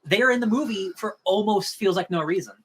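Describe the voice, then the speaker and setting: A podcast co-host speaks in a middle pitch. The talk is casual, quick and frank, with easy agreement with the others. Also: animated, fairly bright tone, breathy edge. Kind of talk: casual chat.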